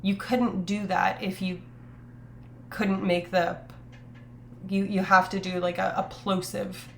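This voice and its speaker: A woman's voice: mid-range voice, vocal fry, slight background noise. A woman streamer chatting casually on a live stream, rambling with lots of fillers and self-corrections, reading her chat aloud. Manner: reads chat aloud and reacts.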